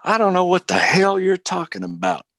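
Man playing furious rancher Cornelius, shouting. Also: high voice, sing-song, normal speed, gravelly, dry recording, studio quality, voice pushed up, heavily acted. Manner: shouting, enraged.

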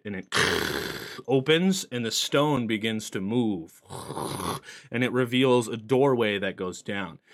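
A man narrating as game master of a streamed tabletop game, animated and swearing casually. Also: on the low side.

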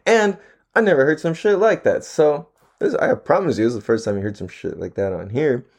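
Young male solo podcaster at home, relaxed slangy delivery, mid-range voice, swears freely. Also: medium pitch, brisk. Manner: laid-back, slangy, swears a lot, laughs often. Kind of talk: casual rambling monologue. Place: at home, on camera.

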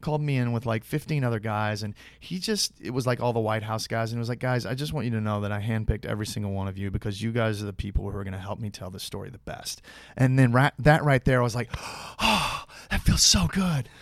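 A man's voice: lowish voice, quick pace, no room sound, clean studio sound. A man, an actor guest, casually telling a long anecdote with frequent restarts and acted-out quoted dialogue. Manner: rambling, many restarts, acts out quoted dialogue.

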